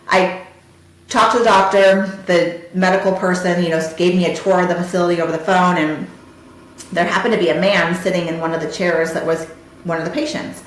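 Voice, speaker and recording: A woman hosting a podcast, telling a personal story in an emotional, conversational way full of "you know" and "like". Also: fairly low pitch. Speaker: podcast host. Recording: very echoey room.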